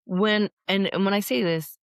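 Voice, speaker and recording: A middle-aged woman in casual chat, talking fast and acting out quoted voices. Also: medium pitch, smooth, no room sound. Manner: animated, acts out quoted voices. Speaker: podcast guest.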